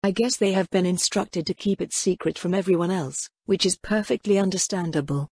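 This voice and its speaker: A woman reading a first-person fantasy novel aloud in a steady, wry storytelling manner. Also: fairly low pitch, a little fast, slightly rough, no room sound. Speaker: audiobook narrator. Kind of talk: first-person scripted narration.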